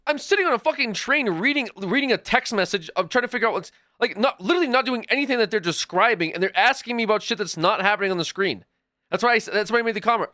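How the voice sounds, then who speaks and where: High, lively male streamer ranting at chat. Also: fast talker, dry recording, studio quality. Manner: frequent swearing. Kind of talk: live gaming stream commentary.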